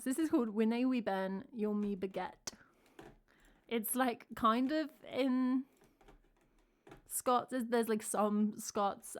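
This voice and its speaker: A woman from England with an English accent, a singer-songwriter chatting casually between songs on a live stream, rambling and cutting herself off with lots of likes. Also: mid-range voice. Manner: rambling, self-interrupting, chatty with many likes.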